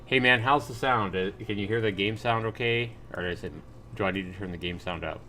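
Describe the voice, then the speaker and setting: A man with a fairly low voice, commentating on a game he is playing live. He reads the on-screen text aloud and throws in casual exclamations and remarks to his viewers. A faint hiss of background noise sits under his voice. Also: a little fast, bright, forceful tone.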